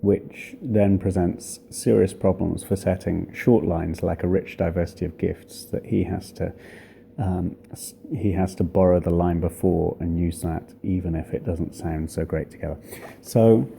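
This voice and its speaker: A man with a deep, dark voice talks through a music lesson at an easy, slow pace. His explanation is thoughtful and halting, full of small pauses as he works out each point. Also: steady tone, vocal fry, slight background noise. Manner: thoughtful, hesitant, many pauses and fillers. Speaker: church music teacher. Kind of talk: informal spoken lesson on chant.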